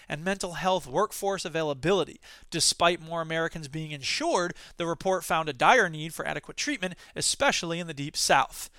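A man's voice: high-pitched, bright, forceful tone, smooth, dry recording, studio quality. A male host reading news stories and breaking in with sarcastic comic asides. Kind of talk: comedic news commentary.

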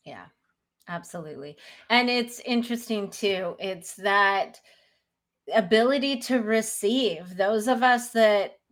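A woman's voice: medium pitch, takes it slowly. A woman speaks in an earnest, reflective way in a casual talk about grief. Her voice sits in a middle range. She brings more energy when she acts out the people she quotes.

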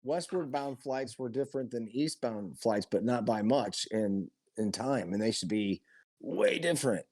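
A man being interviewed as a guest, talking about his film project in an earnest, halting way with frequent restarts. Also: mid-range voice, lively intonation, darkish tone. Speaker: guest filmmaker and performer. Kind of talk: casual conversational interview.

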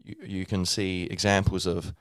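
A man with a low, deep voice talks in a loose, unscripted way, full of fillers and restarts. He explains things casually, as a podcast host would. The recording is dry and close, with no room sound. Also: flat delivery, moderate pace, clear, resonant tone, no echo. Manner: rambling, with many fillers and restarts; acts out a learner's inner thoughts. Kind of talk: casual teaching monologue.

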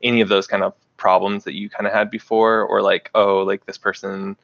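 A man's voice: lowish voice, little pitch movement, fairly quick, creaky, a bit bright, no room sound. A man chatting casually as a podcast guest, filling his talk with "like". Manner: chatty, lots of "like" fillers. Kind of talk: casual chat. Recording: dull, dry lo-fi audio.

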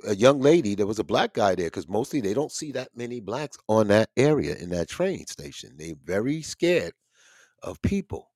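Profane, lively-voiced middle-aged man. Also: lowish voice, dry recording, clean studio sound. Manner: profane, blunt, street-talking storyteller. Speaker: podcast host. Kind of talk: casual rambling monologue telling a story.

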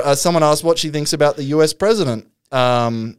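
A man's voice: on the high side, a little fast, few pauses, clean tone, no echo, clean studio sound. A man, co-hosting a casual comedy chat, retelling a story animatedly and laughing often. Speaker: podcast co-host.

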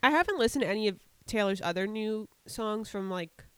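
A woman's voice: medium pitch, expressive, fairly quick, a bit bright, smooth, no room sound. Blunt, joking young American woman. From United States. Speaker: podcast co-host. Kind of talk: casual chat.

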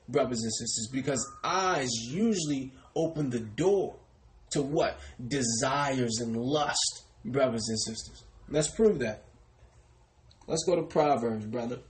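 A man's voice: medium pitch, slight background noise, poor audio. A man preaching a sermon, repeatedly addressing his listeners as brothers and sisters and calling on a reader to repeat verses.

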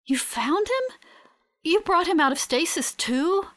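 A woman narrator puts on a young woman newly woken from a long sleep in an audiobook. She speaks softly and breathily, her voice lifted well above the reader's own and pushed a touch louder. Wonder and tears run through every line. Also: sits high, big pitch swings, takes it slowly, pitched above the performer's own voice, heavily acted. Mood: overjoyed. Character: tearful joyful young woman just woken from stasis.

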